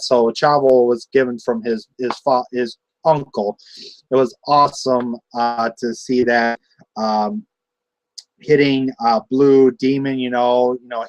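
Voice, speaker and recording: A young man talks through a wrestling show on his own, rambling and excitable, tripping over restarts and fillers. His voice sits at an ordinary middle pitch. The recording is dry and close. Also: no echo, low-quality recording. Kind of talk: casual solo review.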